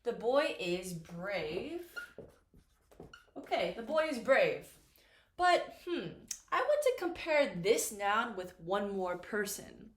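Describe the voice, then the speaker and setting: Woman, English teacher, slow deliberate delivery, higher voice, roomy echo. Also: big pitch swings. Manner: slow, deliberate, repeats and checks with "right?" and "okay?". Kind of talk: classroom grammar lesson at a board. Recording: echoey room.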